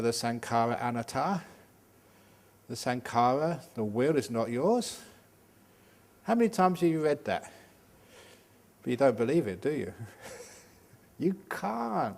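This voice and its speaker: Older monk giving a joking Dhamma talk. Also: male voice, mid-range voice. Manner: humorous, lively, joking teaching style. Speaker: Buddhist monk and meditation teacher. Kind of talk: Dhamma talk at a day retreat.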